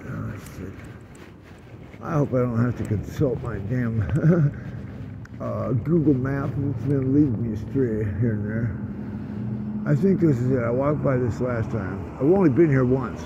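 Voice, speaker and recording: A man's voice: medium pitch, creaky, dull audio. A man in his sixties walking city streets, filming on a handheld phone and muttering profane, grumbling commentary to himself. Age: 60s. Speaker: vlogger. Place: outdoors on busy city streets. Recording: loud street traffic noise. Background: traffic noise.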